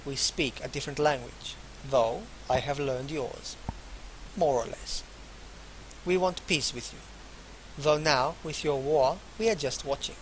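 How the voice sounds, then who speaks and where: A man's voice: medium pitch, a little hiss or hum, lightly acted, poor audio. A man putting on a formal foreign woman envoy. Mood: earnest. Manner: halting foreign accent put on, measured formal phrasing.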